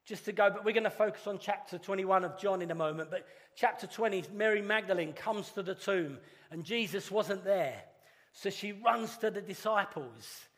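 Guy giving an easter sermon, kinda high voice, big echoey church, slows down for the dramatic bits. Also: a bit bright. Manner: earnest, conversational with dramatic pauses. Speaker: pastor. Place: church hall. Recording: long reverb of a church hall.

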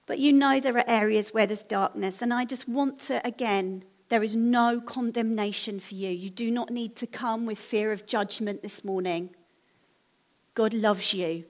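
A woman preaching a sermon in a church, speaking in a gentle, earnest and encouraging way. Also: fairly high pitch. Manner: gentle, earnest, encouraging appeal with soft laughs.

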